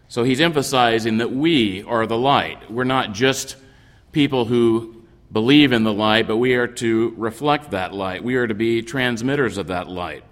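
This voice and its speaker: A man delivering a sermon as a priest, explaining scripture in a measured way with occasional restarts. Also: mid-range voice, fairly bright tone, big-room sound. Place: church.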